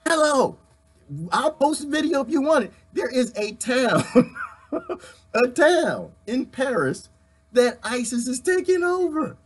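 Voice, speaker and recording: A man's voice: very high-pitched, very animated, takes it slowly, breathy edge. A man from the United States hosting a live stream, fired up and preachy as he talks straight to his viewers and reads their comments.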